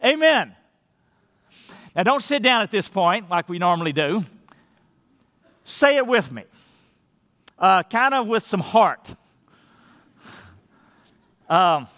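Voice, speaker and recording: A man preaching a sermon as pastor in a church, emphatic, drawing out key phrases slowly and restarting his sentences. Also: high voice, expressive, bright, forceful tone. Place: church sanctuary. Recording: long reverb of a large hall.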